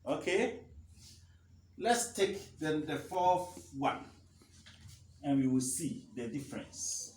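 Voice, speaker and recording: A man teaching a math lesson, slowly repeating key phrases for emphasis. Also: fairly high pitch, lively intonation, a little mellow, distant mic, a little hiss or hum. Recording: roomy echo, faint ambience.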